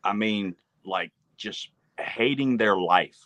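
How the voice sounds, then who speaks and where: A man co-hosting a life-coaching podcast, chatting in an earnest, fired-up way that slows down for emphasis. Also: lowish voice, a bit bright, no room sound. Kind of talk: casual chat.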